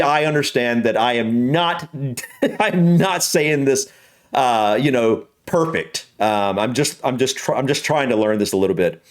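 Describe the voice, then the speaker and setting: An American man hosting a reaction video, chatting casually and repeating practice words while laughing at himself. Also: medium pitch. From United States. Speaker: reaction channel host.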